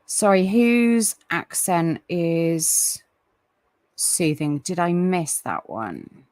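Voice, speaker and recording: Slow-talking woman hosting a live chat. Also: lowish voice, expressive, darkish tone, no room sound. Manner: chatty, apologetic, many fillers and restarts. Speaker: livestream host.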